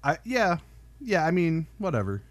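A man's voice: a little high, huge pitch swings, normal speed. A man co-hosting a movie podcast in a dry, laid-back way. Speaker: podcast co-host. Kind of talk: casual chat about a movie.

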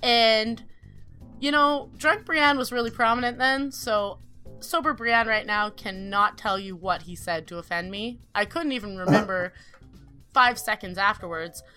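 Young woman, slightly high, bright and forceful tone; animated, swearing storyteller, light music underneath. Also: measured pace, clean tone. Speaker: podcast host telling a story. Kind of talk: casual storytelling chat.

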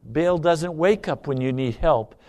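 A man preaching a sermon to a church congregation, swinging between loud pleading cries and hushed, low asides. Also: unhurried.

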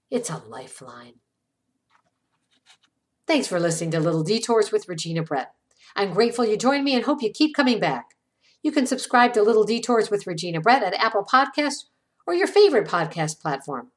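A woman podcast host reads an inspirational essay in a measured, reflective way. Her pitch moves a lot, and she lets the ends of her phrases fall. Her delivery is scripted and even-paced. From small town.

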